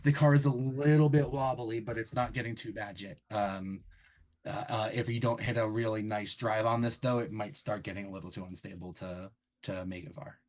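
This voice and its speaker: A man narrating as game master of a tabletop game, halting often with ums and restarts. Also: fairly low pitch, fairly even intonation, a little mellow, poor audio.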